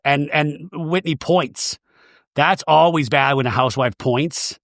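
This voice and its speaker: A man's voice: mid-range voice, steady tone, unhurried, fairly bright tone, no room sound, clean studio sound. A man hosting a comedic TV recap podcast, with a campy and sarcastic delivery. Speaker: podcast host.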